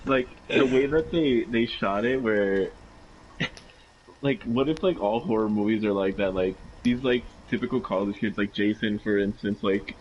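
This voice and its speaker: A man's voice: fairly low pitch, normal speed, darkish tone. Musing man on a dull, noisy line. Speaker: podcast co-host. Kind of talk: casual chat. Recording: dull lo-fi audio with noise.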